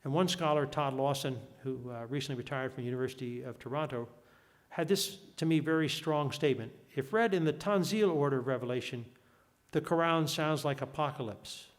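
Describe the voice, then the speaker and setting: An older man giving an academic lecture, reading passages aloud in a measured way with frequent restarts. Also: medium pitch. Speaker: guest lecturer.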